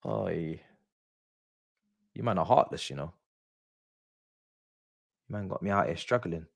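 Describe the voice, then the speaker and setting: A young man is hosting a live football watchalong. He rants in exasperation to his viewers, his pitch jumping high and dropping low. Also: measured pace, vocal fry, husky. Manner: exasperated, animated ranting with laughs. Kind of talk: casual live-stream rant.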